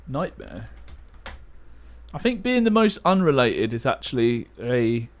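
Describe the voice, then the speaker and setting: A man's voice: medium pitch, sing-song, a little slow. A young man streaming a word game live, calling out chat guesses in a hyped play-by-play way like a sports commentator. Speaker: livestreamer.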